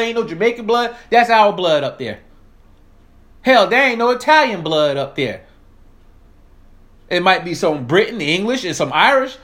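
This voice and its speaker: A Southern American political commentator launches into a heated, profane ranting monologue aimed directly at his audience. His voice is very high with a fairly bright tone.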